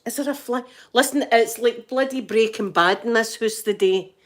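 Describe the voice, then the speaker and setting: A woman's voice: a little high, normal speed. A middle-aged Scottish woman chatting casually on a live stream, greeting viewers by name and laughing often. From Scotland.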